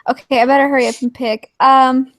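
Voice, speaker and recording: High-voiced giggly woman, dry sound. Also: little pitch movement, fairly quick, no echo. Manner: giggly, laughs often. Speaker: player. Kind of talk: casual game-stream chat.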